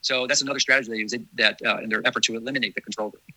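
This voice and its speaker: A man's voice: fairly low pitch, fairly even intonation, racing, pushed and bright, no echo, poor audio. A man hosting a casual discussion, talking earnestly and emphatically, often restarting his sentences.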